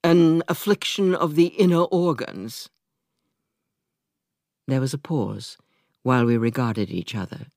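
A woman reading an audiobook as narrator, measured and dryly ironic, in a dry studio voice-over. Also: extremely low pitch, dark tone, no echo. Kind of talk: scripted narration.

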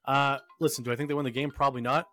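A man co-hosting a casual sports betting chat, brisk and leading, setting up each matchup in turn. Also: medium pitch, little pitch movement, sharp tone, faint music behind. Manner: brisk, leads the talk, sets up each matchup. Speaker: co-host.

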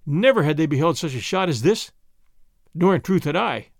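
A man reads a novel aloud in the first person. His delivery is dramatic and expressive, and his fairly high voice moves animatedly up and down. The recording is dry and close. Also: moderate pace, gravelly, no echo. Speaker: audiobook narrator. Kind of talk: scripted first-person narration.

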